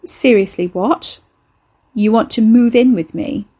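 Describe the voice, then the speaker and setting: A woman's voice: a little high, a little slow, mellow, husky. A woman voicing a frazzled, bruised young woman who talks in an incredulous, exasperated way.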